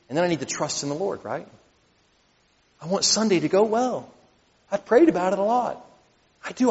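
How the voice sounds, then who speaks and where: A fairly high-voiced man preaches and reads scripture to his congregation. His delivery is animated and at times rises to near shouting. The sound is dull and lo-fi, with a long reverb from the hall around him. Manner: animated, rising to near shouts at emotional peaks. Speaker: pastor. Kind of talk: sermon.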